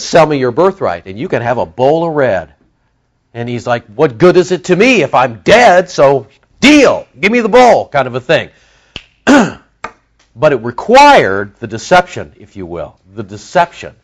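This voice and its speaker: A man preaching an expository sermon, teaching verse by verse and acting out the characters' voices as he tells the story. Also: a little high. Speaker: pastor.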